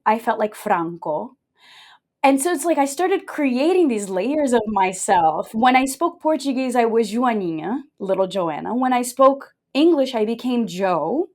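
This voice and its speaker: A young adult woman from Brazil, a podcast guest telling her story in a candid, jokey, animated way. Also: fairly high pitch. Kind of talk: casual interview storytelling.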